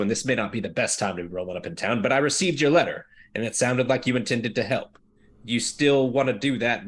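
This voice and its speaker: A man's voice: on the low side, natural voice. A man playing a plainspoken frontier marshal. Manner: folksy drawl, plainspoken. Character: weary male frontier marshal, earnest and plainspoken.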